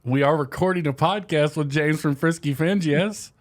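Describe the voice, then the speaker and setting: A man hosting a podcast in casual chat, easygoing and quick to laugh. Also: fairly high pitch. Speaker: podcast host.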